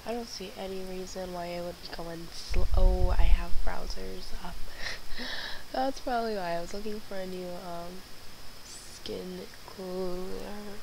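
A woman's voice: lowish voice, steady tone, measured pace, gravelly, noisy background. A young woman in casual let's-play commentary, chatty and rambling, often apologizing and exasperated, talking from her bedroom into a headset mic. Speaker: gaming channel host. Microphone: wireless headset.

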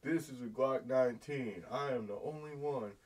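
A man's voice: mid-range voice, moderate pace, heavy background noise. A man joking and laughing in a casual podcast chat.

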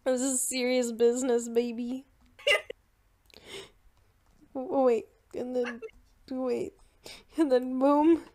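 A woman's voice: high-pitched, level tone, slow pace, long pauses, warm tone. A young woman live streamer chatting with her viewers in a bubbly, giggly way. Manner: giggly, bubbly, talks to chat. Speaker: live streamer, virtual avatar.

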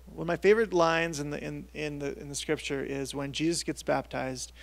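A man in his thirties preaches to his congregation in a light, somewhat high tenor with a gravelly edge. His delivery is casual and conversational, full of restarts as he works through his points. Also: fairly even intonation, fairly quick, few pauses. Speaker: pastor. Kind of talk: sermon. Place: church service.

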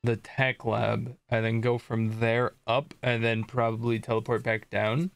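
A man's voice: mid-range voice, flat delivery, measured pace, creaky, clear, resonant tone, dry recording, faint music behind. A young man casually commenting on his gameplay as a streamer, chatting and joking with viewers. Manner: chatty, jokey, reads chat aloud.

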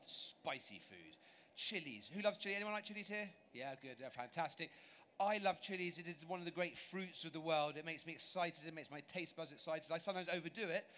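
A man's voice: fairly high pitch, fairly bright tone. A man from England giving a live cooking demonstration on a show stage, chatty, enthusiastic and self-deprecating as he talks through his dishes. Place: large exhibition stage.

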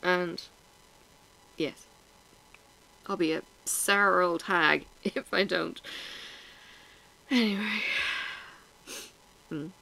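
A woman's voice: fairly low pitch, steady tone, extremely slow, gravelly, long pauses, pushed and bright, rough recording. A woman, chatting frankly and bluntly to her viewers in a casual vlog, teary and sniffling. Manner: blunt, frank and self-mocking, with swearing and laughs. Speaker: vlogger.

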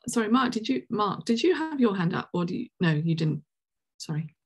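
A woman with a medium-pitched, sing-song voice talks fairly quickly as she hosts and chairs a Q&A at an online science seminar. Speaking over a video call, she fills her talk with ums and restarts.

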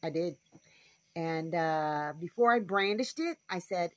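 A woman's voice: fairly low pitch, expressive, a little slow, no echo. A woman homestead vlogger telling a story to camera in a frank, rambling, casual way. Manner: rambling, frank, with fillers and asides.

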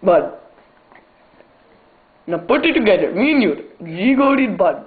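A man's voice: high voice, animated, a little slow. A man putting on a fussy immigrant father's voice, prank-calling with insistent, pleading broken English over the phone. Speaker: prank caller. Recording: tinny phone line with faint hiss.

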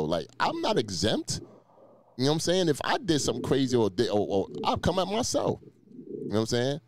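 A man's voice: medium pitch, wildly swooping pitch, a little fast, dry recording. A man hosting a talk show, talking brashly with lots of swearing and teasing in a heated casual chat. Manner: brash, profane, loud and teasing. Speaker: show host.

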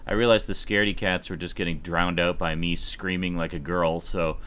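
A man's voice: low-pitched, little pitch movement, brisk, a bit bright. A man streaming a horror game, chatting casually and jokingly with friends on a call, swearing now and then. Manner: jokey, loose, swears casually. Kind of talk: casual live-stream chat.

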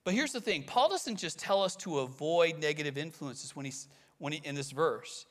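A man delivering a sermon in a high, bright voice. He preaches with animation, dropping into playful impressions of the people he quotes. His tone is lifted and vivid throughout. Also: animated, moderate pace. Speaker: pastor.

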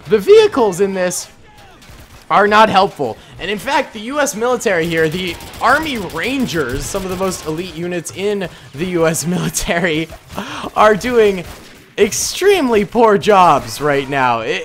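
A young man from the Boston area giving relaxed, chatty, self-mocking gameplay commentary as the host of a gaming channel. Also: sits high, a little hiss or hum. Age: young adult.

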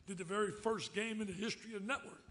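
Brief: man in his 70s, high-pitched and bright, loud and exclamatory award speech. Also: fast. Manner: excitable, loud, storytelling, exclamatory. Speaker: award recipient giving a speech. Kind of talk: lively acceptance speech.

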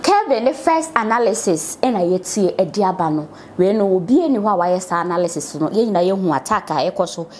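A woman's voice: medium pitch, lively intonation, a little fast, few pauses, slight background noise. A woman with a Ghanaian accent co-hosting a talk show, setting up questions in Twi and English. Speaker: co-host.

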